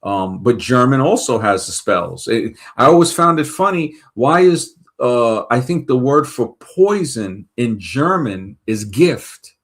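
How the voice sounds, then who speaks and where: A man's voice: mid-range voice, lively intonation, a little slow, few pauses, fairly bright tone. A man from Brooklyn, hosting a show and talking casually, rambling and thinking aloud as he checks facts mid-sentence. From Brooklyn, New York. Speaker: show host. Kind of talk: casual monologue.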